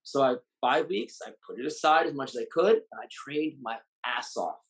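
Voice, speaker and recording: A man's voice: medium pitch, lively intonation, normal speed, poor audio. A Muay Thai fighter and coach, a man, speaking bluntly and with raw emotion in a candid interview, swearing freely. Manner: blunt, heavily profane, openly emotional.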